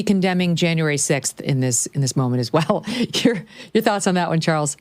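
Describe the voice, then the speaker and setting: Sardonic low-voiced woman talk show host. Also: normal speed, hardly any pauses, no room sound.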